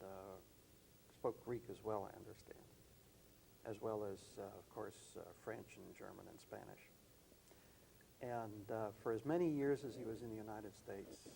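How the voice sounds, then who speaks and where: Older male guest, gravelly and mellow, thoughtful measured reminiscer. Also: lowish voice, a little hiss or hum, rough recording. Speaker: interview guest. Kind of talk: reminiscing conversation.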